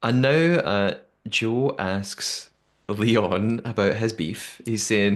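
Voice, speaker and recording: Animated male podcast host. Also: on the low side, extremely slow. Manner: animated, laughs often, quotes people in put-on voices. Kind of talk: casual recap chat.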